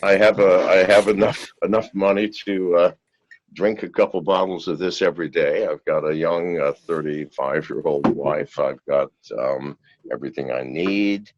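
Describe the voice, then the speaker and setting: A man's voice: low voice, fairly even intonation, moderate pace, muffled recording. A man giving a casual interview, blunt and profane, and laughing often. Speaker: interview guest.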